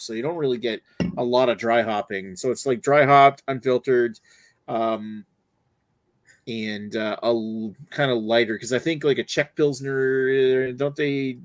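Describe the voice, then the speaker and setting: A man hosts a casual beer review livestream, talking in a loose, rambling way. His pitch is middling and the sound is dry and close. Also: no echo. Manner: rambling, lots of fillers and restarts. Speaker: host.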